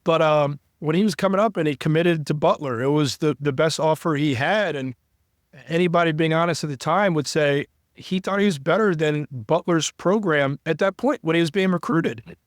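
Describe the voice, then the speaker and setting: A man from Cincinnati talks as an interview guest, earnest and heartfelt, often restarting his sentences. His voice sits a little high. The sound is dry and close. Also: normal speed, dry recording. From Cincinnati, United States. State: moved close to tears. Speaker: interview guest, sports broadcaster. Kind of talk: candid conversational interview.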